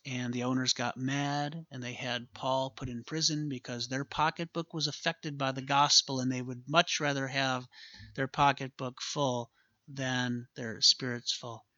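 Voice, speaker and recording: A man's voice: mid-range voice, pushed and bright, no echo, highs cut off. A man preaching a sermon as a pastor, earnest and emphatic, repeating his key phrases for weight.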